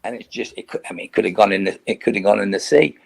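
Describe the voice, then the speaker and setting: Gravelly older man telling rambling stories. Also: on the low side, very fast, a little mellow. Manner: rambling anecdotal storyteller, laughs often, restarts. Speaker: retired footballer, guest. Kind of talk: casual podcast chat.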